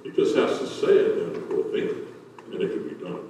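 Older pastor, booming voice, echoey church. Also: male voice, brisk, a little hiss or hum. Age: 60s. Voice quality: loud, booming voice. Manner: folksy, joking storyteller. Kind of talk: sermon. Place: church sanctuary. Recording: very echoey, distant church room.

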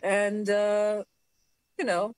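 A woman from Eastern Europe joking casually on a video call, deadpan and halting. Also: medium pitch, no room sound. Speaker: guest comedian.

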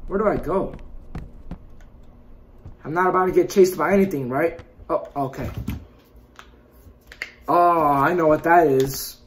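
A man recording let's-play commentary on a horror game, jumpy and excitable, yelping at scares and then muttering and trash-talking the game with constant mild cursing. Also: on the high side, slight background noise. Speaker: gaming YouTuber.

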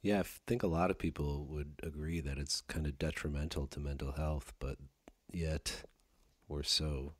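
A man with a very deep voice, recorded dry and close, running a relaxed podcast conversation. He keeps his questions short and easygoing. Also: normal speed, husky, no room sound. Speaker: podcast host, musician. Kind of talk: casual interview chat.

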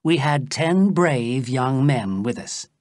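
A storyteller reading a graded novel for English learners, slowly and with a lively, rising and falling delivery. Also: medium pitch, dry recording, studio quality.

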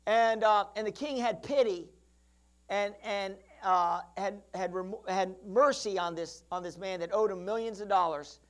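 A pastor preaches a sermon as lively storytelling, acting out characters as it unfolds. At a middle pitch and normal speed, he keeps calling to the congregation for responses, often restarting phrases and adding asides.

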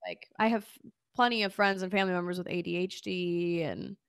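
A woman's voice: on the low side, steady tone, brisk, vocal fry, clean tone, no room sound, clean studio sound. A woman comedian guesting on a podcast, brash and playful, swearing freely in casual chat.

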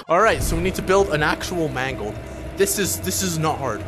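A young man giving gaming commentary, loud and profane, with sudden yelps and laughs. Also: a little high, animated, fairly quick, heavy background noise. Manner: loud, swearing, erratic bursts and laughs. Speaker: gaming YouTuber. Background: game music.

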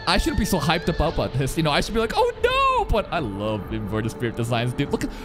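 Wildly animated man reacting over music. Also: medium pitch, fast. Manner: excitable, loud outbursts and laughter, casual swearing. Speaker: anime reaction channel host. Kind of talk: casual anime reaction commentary. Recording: music playing in the background. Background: music under the voice.

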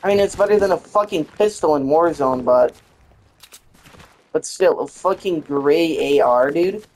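Gaming channel host, female, low register, frustrated swear-heavy play-by-play. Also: measured pace, a little mellow. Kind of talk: gameplay commentary.

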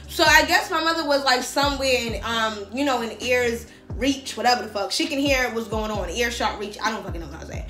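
A young woman, telling a story on her vlog in a slangy, profane, animated way. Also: high-pitched, a little fast, hardly any pauses. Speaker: vlogger. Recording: echoey room with faint music.

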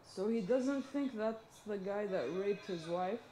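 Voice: medium pitch, measured pace, echoey room, background noise. A movie reaction host giving a blunt, profane running commentary while watching a film.

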